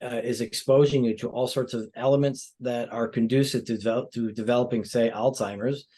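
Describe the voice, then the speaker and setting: A man's voice: medium pitch, steady tone, brisk, mellow. A male plastic surgeon giving explanatory interview answers with frequent "you know" fillers.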